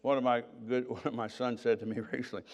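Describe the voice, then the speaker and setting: A man's voice: mid-range voice, steady tone, quick pace. Older guy preaching his testimony, chatty storyteller, acts out the quotes. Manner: conversational storytelling, acting out quoted dialogue. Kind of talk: sermon testimony.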